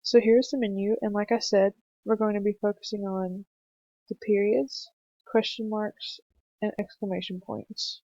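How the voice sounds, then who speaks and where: A young woman narrating a screencast punctuation lesson for children, explaining slowly and patiently with some fillers. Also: medium pitch, level tone, dark tone, no echo. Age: young adult. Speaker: student teacher presenting a lesson. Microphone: computer mic for a screencast. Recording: dry, slightly dull home mic recording.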